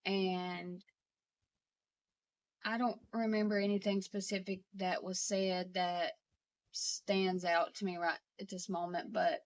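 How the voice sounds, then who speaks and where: A woman vlogger telling a personal story in a halting way, with many pauses and restarts. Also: mid-range voice, flat delivery.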